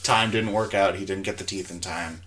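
A man chatting casually about a movie, earnest and defending his view with halting restarts. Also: sits low, steady tone, fairly bright tone. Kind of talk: casual movie review chat.

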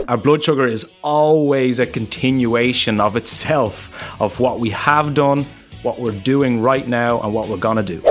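A man's voice: medium pitch, fairly bright tone. A man hosting a podcast in casual, upbeat chat, laughing often. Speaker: podcast host.

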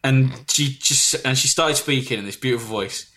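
A man telling a rambling comic story on a podcast, jumping into loud put-on voices for the people in it. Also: mid-range voice, normal speed. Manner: animated, shouts and squeals when quoting others.

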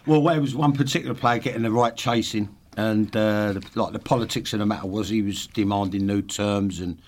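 A man's voice: lowish voice, fairly even intonation, fairly quick, slight background noise. An older man, a guest telling rambling, blunt stories full of swearing and wisecracks. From East London. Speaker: podcast guest, former football player and manager. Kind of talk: casual chat, storytelling.

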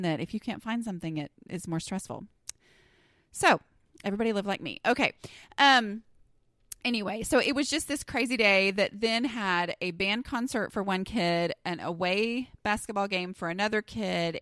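A woman's voice: medium pitch, fairly bright tone, no room sound, studio quality. A middle-aged woman with a Southern US accent, hosting a casual solo podcast in a chatty, self-deprecating, easily sidetracked way. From Southern United States. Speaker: podcast host.

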